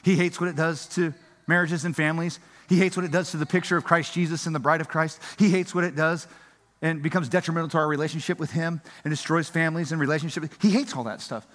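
High-voiced man preaching in a reverberant hall. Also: fairly even intonation, quick pace, fairly bright tone. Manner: earnest, emphatic preaching with rhetorical questions. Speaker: pastor. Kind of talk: sermon.

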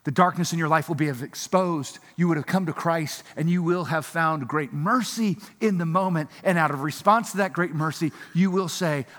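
A man's voice: on the high side, normal speed, few pauses, a bit bright, big-room sound. A man pastor preaching a sermon in a church, earnest and emphatic, asking the congregation rhetorical questions.

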